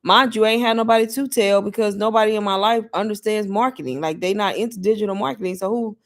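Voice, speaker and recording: A woman's voice: mid-range voice, fast talker. A woman hosting a casual live Q&A stream, chatty and laughing often, talking straight to her viewers as y'all. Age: adult mother. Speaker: livestream host answering viewer questions.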